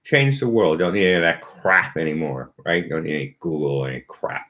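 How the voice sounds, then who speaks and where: A man's voice: extremely low pitch, fairly quick, pushed and bright. A man giving a casual, sarcastic opinion monologue about a company, laughing at his own points. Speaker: company commentator.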